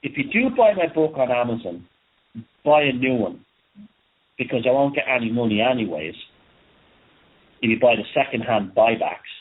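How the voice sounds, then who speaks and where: A man's voice: medium pitch, very animated, moderate pace, pauses often, breathy edge. A man hosting a monologue commentary, indignant and conversational, repeating words for emphasis. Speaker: commentator host. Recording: tinny phone-like sound.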